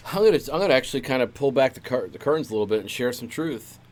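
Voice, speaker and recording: A man co-hosting a podcast, telling playful deadpan stories in casual comedic chat. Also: mid-range voice, rapid-fire, a little hiss or hum. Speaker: podcast co-host.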